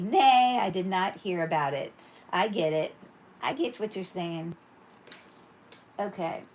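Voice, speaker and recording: A woman's voice: mid-range voice, fairly bright tone. A woman hosting a livestream jewelry sale, chatting casually with viewers in a rambling way, breaking off mid-sentence and dropping corny puns.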